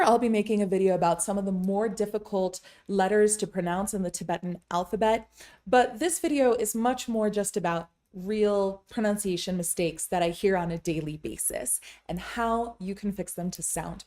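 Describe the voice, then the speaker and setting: A woman whose first language is English teaches Tibetan and works as an interpreter, speaking in a mellow, mid-range voice. In a casual lesson to camera she's chatty with dry, wry asides, slowing down to demonstrate crisp vowels.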